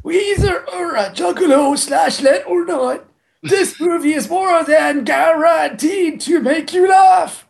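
Someone doing a loud, crude hyped-up fan. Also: extremely high pitch, unhurried, gravelly, slight background noise, full character voice. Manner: shouting, crude boasting. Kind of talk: comedic reading of a post.

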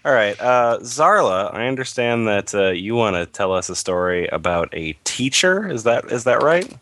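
A man hosting a comedy podcast, relaxed and hesitant as he introduces the readers. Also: on the low side, normal speed, no room sound. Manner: relaxed, hesitant, full of fillers. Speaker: podcast host. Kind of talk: casual comic chat.

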